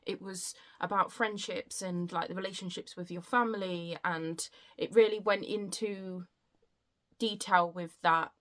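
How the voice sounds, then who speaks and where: A woman chatting casually in a reading vlog, rambling and warm-hearted about books. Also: fairly low pitch, fairly even intonation, measured pace. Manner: chatty, rambling, emotional when grateful. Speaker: book vlogger.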